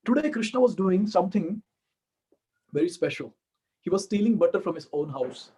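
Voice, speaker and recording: Indian guy preaching a story at temple, high voice, really animated. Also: moderate pace, slightly rough. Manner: animated, acts out the characters. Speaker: temple speaker. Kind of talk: devotional storytelling talk.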